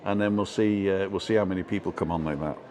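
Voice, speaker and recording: A man's voice: low voice, fairly even intonation, fast, a little mellow. A man with a relaxing voice, from the UK, hosting a casual live stream and chatting his way through viewer comments.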